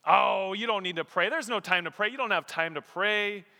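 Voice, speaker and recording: A man's voice: sits high, normal speed, gravelly, pushed and bright, pitched above the performer's own voice, heavily acted. A man voicing a nagging tempter that coaxes people away from prayer, in a coaxing, needling way. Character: nagging tempter voice of the enemy, male. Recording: echoey hall.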